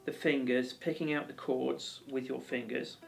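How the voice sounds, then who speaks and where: Brief: male ukulele teacher, gravelly voice, rambling and encouraging, recorded a little off-mic. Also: mid-range voice, level tone, normal speed, recorded from a distance, music in the background. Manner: chatty, encouraging, with many ums and restarts. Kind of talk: casual video lesson and anecdote.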